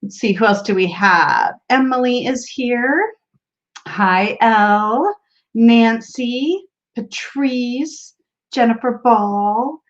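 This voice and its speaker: A chatty woman hosts a casual livestream from home, greeting viewers one by one with frequent little laughs. Her voice sits a bit high. The sound is dull and lo-fi. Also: takes it slowly. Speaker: tarot livestream host. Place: home room.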